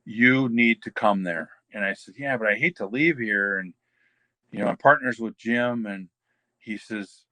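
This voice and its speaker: A man's voice: on the low side, unhurried, sharp tone, dry recording, poor audio. An older man, a former wrestler, rambling through anecdotes in a casual interview and quoting other people's words in his own voice. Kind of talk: casual storytelling shoot interview.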